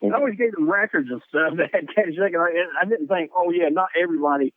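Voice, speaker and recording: Southern man, guest on a call, high-pitched and animated, dry tinny phone sound. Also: quick pace, dry recording. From North Carolina. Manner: animated, profane, laughs mid-story. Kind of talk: casual storytelling.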